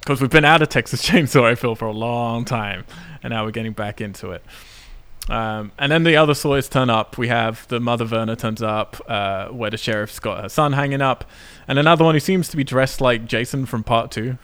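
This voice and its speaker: A man recaps a film plot in a relaxed podcast chat. He sounds excited and laughs as he goes. His pitch sits in an ordinary middle range for a man. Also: brisk, clear, resonant tone. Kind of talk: casual chat.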